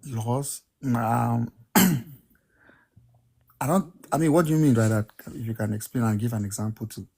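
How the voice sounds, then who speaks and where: A man's voice: mid-range voice, measured pace, creaky, darkish tone, breathy edge. A man in a casual debate on a podcast, explaining and defending his view in an earnest way. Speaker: podcast co-host.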